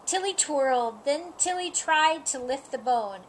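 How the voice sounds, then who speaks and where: A woman reading a children's picture book aloud in a gentle, expressive storytelling manner. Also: high-pitched, a little slow, slight background noise, low-quality recording.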